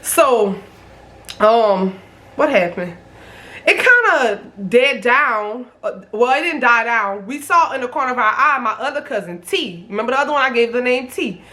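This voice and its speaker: A woman in her twenties telling a story to the camera, lively and profane. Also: a little high, normal speed. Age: 20s. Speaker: vlogger. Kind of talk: storytime vlog.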